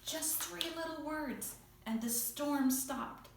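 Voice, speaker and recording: A woman with a high, gravelly voice slowly tells a Bible story to children at church, playful and expressive. The room echoes, she's heard from a distance, and the background is noisy.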